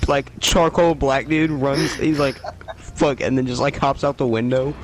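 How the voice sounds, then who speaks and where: A man's voice: medium pitch, steady tone, a little slow, slight background noise. A young man rambling through a made-up story in casual late-night chat, swearing and laughing a lot. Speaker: friend telling a made-up story.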